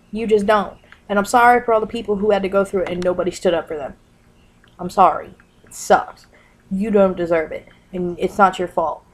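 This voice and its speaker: A woman ranting straight to her camera at home, blunt and fired up. She swears freely and hammers her points with repetition, in a middle-pitched everyday voice. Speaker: vlogger. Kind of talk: angry vlog rant.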